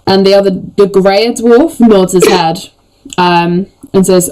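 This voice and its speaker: A game master narrating a tabletop game in a relaxed, descriptive way. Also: mid-range voice, a little slow, low-quality recording.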